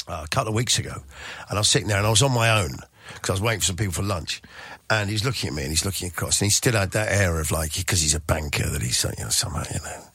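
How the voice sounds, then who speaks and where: A man's voice: sits low, very fast, a bit bright, husky, no echo. A middle-aged man, a radio and podcast host, chatting in an interview and telling jokey anecdotes, acting out other people's voices. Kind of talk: casual interview chat.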